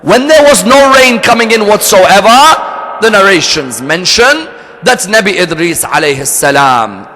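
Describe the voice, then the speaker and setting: A man's voice: sits high, sing-song, normal speed, bright, forceful tone. A man preaching a sermon and telling a story, earnest and fond of rhetorical questions to his audience. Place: hall of a religious center. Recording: echoey hall.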